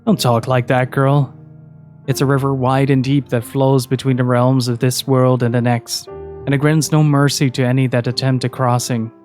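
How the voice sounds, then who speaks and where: A man voicing a tiny, fierce old grandmother who speaks gruffly and protectively. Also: medium pitch, flat delivery, normal speed, a little mellow, soft background music, natural voice. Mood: stern. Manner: gruff, rough-spoken.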